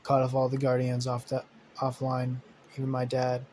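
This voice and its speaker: A man's voice: medium pitch, monotone, moderate pace, darkish tone, slight background noise, rough recording. A man casually narrating an improvised superhero story, rambling with many fillers, self-corrections and swearing.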